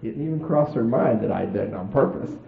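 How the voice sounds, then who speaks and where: A man preacher telling a personal story in a folksy, animated sermon. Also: mid-range voice, fast talker, creaky. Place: church. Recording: roomy, tinny phone-like old tape.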